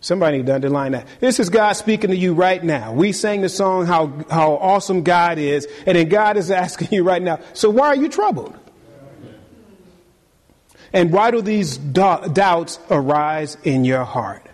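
A high-pitched man preaches in a church, his voice hanging in a long reverb. He speaks straight to the congregation and repeats his key words again and again for emphasis. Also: normal speed. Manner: animated preaching, repeats phrases, talks to the congregation. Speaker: pastor. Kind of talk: sermon. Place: church sanctuary.

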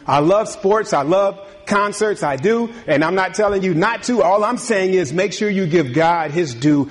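A man's voice: high voice, animated, moderate pace. A man, a pastor, preaching a sermon in a conversational way, laughing often and building to emphatic bursts.

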